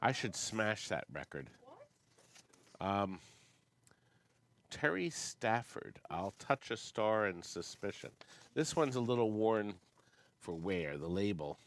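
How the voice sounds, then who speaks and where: In a relaxed chat, the sixty-something host of an amusement sales company show reads vintage record labels aloud and hums song snippets. He speaks slowly with frequent pauses in a lowish voice of big pitch swings, with a little hiss or hum in the audio.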